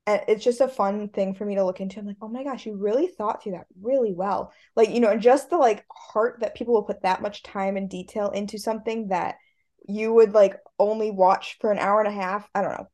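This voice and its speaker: A young college woman with a medium-pitched voice talks over a video call. She rambles with enthusiasm and fills her sentences with "like" and "I don't know.". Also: fairly even intonation, fairly quick, a little mellow. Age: young adult. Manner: enthusiastic, rambling, lots of fillers. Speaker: college student, co-host. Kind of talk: casual chat.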